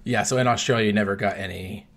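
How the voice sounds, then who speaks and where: A man's voice: fairly low pitch, quick pace. A man hosting a casual interview, asking questions in a friendly, easygoing way. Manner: friendly, easygoing interviewer who laughs along. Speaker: interview host.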